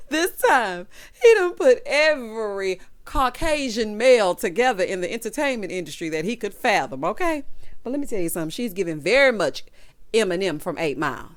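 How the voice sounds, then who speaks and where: A woman talks through a reality show recap in a sassy, chatty way. Her pitch swings all over the place as she acts out what the cast said. She keeps calling her listeners honey and child. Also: moderate pace. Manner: sassy, animated, calls listeners honey and child, breaks into laughs. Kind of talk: casual chatty recap commentary.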